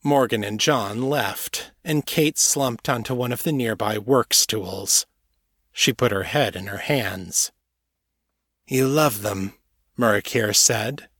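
A man narrating his own serialized fiction in a measured, even reading. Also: mid-range voice, no room sound, studio quality. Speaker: author and audiobook narrator. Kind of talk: scripted narration.

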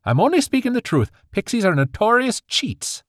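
A man's voice: medium pitch, huge pitch swings, fairly quick, a little mellow, no echo, studio quality, pitched above the performer's own voice. A man voicing a jovial, stubborn old grandfather fairy with a brogue. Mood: defensive.

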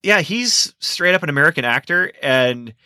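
A man with a bright, forceful voice, talking through a film in casual review chat. He is animated and laughs often. The sound is dry and close. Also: a little high, moderate pace, no room sound. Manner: animated, laughs often, acts out quoted lines. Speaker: podcast co-host.

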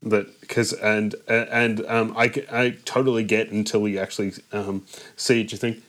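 A man's voice: fairly low pitch, level tone, moderate pace, a bit bright. Hesitant man hosting a chat. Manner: hesitant, many ums and restarts. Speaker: podcast host. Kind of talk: casual chat.

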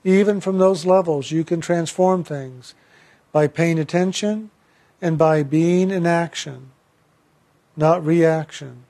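A man giving a reflective spiritual talk and telling a personal story, speaking slowly and deliberately with pauses. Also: on the high side, dark tone. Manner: slow, measured, deliberate pauses.

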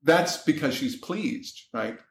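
A man talking candidly as a podcast guest, telling his story in an animated way and loudly acting out his exasperation. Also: a little high, slow pace, echoey room. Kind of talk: candid casual chat.

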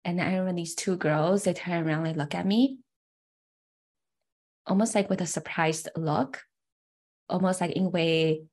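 A young adult woman tells a personal story from her own past in a reflective, heartfelt way. Her voice sits a bit low, and she speaks earnestly with casual fillers. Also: moderate pace, pauses often, a little mellow.

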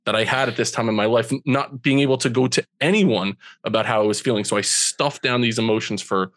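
A man's voice: medium pitch, fairly even intonation, a bit bright, no room sound, studio quality. A man in his forties, a podcast guest telling a personal story in an earnest, emotional way. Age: 40s. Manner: earnest, slow and emotional when recalling hurt.

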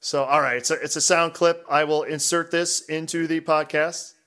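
A man with a slightly high voice reads listener emails aloud on a casual podcast. He jokes around and laughs often between the lines. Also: steady tone, normal speed, pushed and bright. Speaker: podcast co-host.

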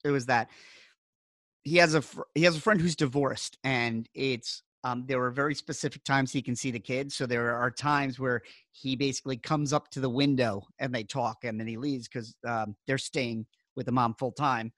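A man's voice: medium pitch, steady tone, moderate pace, fairly bright tone, no room sound, studio quality. A middle-aged man hosting a podcast, telling rambling wry stories in casual chat. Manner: rambling, wry storytelling with filler words. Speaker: podcast host.

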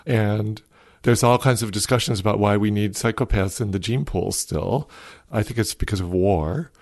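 A man, a psychologist guest on a podcast, explaining ideas in a thoughtful, measured way and telling stories. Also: lowish voice, no echo, studio quality.

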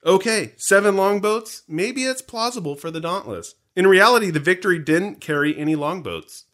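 Man, podcast co-host, bright voice, lively pitch, joking trivia chat. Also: moderate pace. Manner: joking, animated, teasing. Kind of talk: casual movie commentary chat.

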